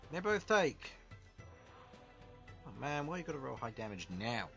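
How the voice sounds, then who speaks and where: A man dungeon master narrates a tabletop game session with an animated, rising and falling delivery. He laughs often as he calls the rolls and describes the fight. Soft music plays behind him. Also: medium pitch, measured pace, gravelly.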